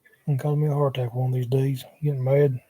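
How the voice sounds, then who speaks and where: A man's voice: medium pitch, little pitch movement, fast, warm tone. A man, rambling casually on a livestream from his couch at home, talking into a laptop microphone in a drawling, wandering way with muttered asides.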